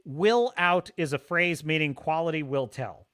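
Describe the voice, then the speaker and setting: A man hosts a casual livestream, rambling and reading chat messages aloud. His voice sits a little high, bright and forceful. He gets excitable and talks in quick bursts. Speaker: livestream host.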